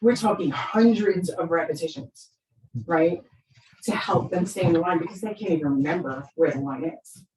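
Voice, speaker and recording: A woman in her fifties with a fairly low voice speaks as a therapist to a group of parents. Her delivery is chatty, and she keeps checking in with "right?". She sits well back from the microphone in an echoey room. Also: moderate pace, a little mellow. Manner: conversational, keeps asking "right?"; acts out quoted lines with big voice shifts. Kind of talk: presentation to parents. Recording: roomy echo, speaker far from the mic.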